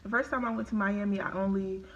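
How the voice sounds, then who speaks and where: This woman talks fast in a mid-range voice, telling her viewers a story during a live-streamed eating video. Her manner is chatty and animated, with y'all for the audience, and the phone or webcam audio is lo-fi.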